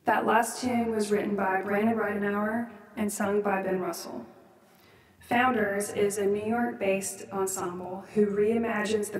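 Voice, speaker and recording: A woman presents an art show, reading her introduction in a steady, informative way. She stands back from the mic, and her voice rings around an echoey room. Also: medium pitch, recorded from a distance. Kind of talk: read-out introduction.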